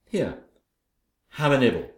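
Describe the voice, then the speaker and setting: A man's voice: mid-range voice, very animated, roomy sound. A man voicing a vain, scheming wicked stepmother queen in a theatrical audio play. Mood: sly. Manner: theatrical, gloating, drawn-out delivery.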